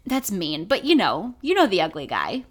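A young woman co-hosting a podcast, chatting in an animated, profane, joking way and slipping into silly voices. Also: medium pitch, moderate pace. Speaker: podcast co-host. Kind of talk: casual comedic chat.

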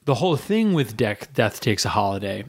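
A man co-hosting a film podcast, giving his opinions in a deliberate, conversational way. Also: on the low side, sing-song, slightly rough. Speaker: podcast co-host. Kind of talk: casual film discussion.

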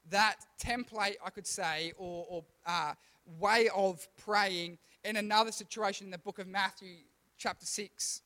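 A young man with a high-pitched voice preaches a relaxed kids' sermon. He talks in a chatty, self-deprecating way, stumbles and restarts often, and keeps asking his young listeners questions. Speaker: youth pastor. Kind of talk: casual sermon to kids.

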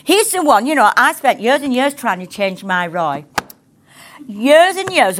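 Lively chatty woman preacher. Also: fairly high pitch, unhurried, a little hiss or hum. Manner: lively, chatty, acts out voices in quotes. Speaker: ministry teacher. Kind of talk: teaching sermon.

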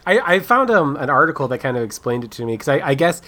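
A man in casual conversation who often trips over his words and starts them again. His pitch moves a lot, rising and falling as he talks. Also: sing-song, fast talker, bright, forceful tone. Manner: hesitant, stammers and restarts. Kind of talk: casual chat.

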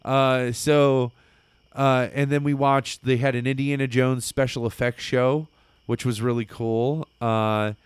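Excitable rambling man, smooth voice. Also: mid-range voice, a little slow, no room sound. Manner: excitable, rambling, filler-heavy storytelling. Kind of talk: casual chat.

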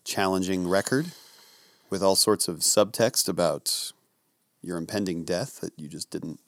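A man's voice: sits low, unhurried, no room sound, clean studio sound. A man co-hosting a casual comedy chat, bantering playfully with a friend. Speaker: podcast co-host.

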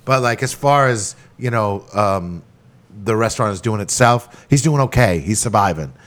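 A man who runs a bar, talking in a casual chat, swearing constantly and ranting loudly as he jokes. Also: fairly low pitch, expressive, moderate pace. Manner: profane, loud joking rants. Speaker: bar owner.

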